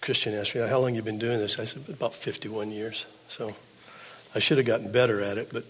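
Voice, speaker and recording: An older man preaching a sermon as pastor, swinging from hushed, low passages to loud, pleading ones. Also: fairly even intonation, fairly quick, husky. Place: church sanctuary. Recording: long hall reverb.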